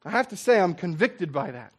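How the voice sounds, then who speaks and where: Animated, conversational male preacher. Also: sits high, a little fast. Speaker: pastor. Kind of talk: sermon.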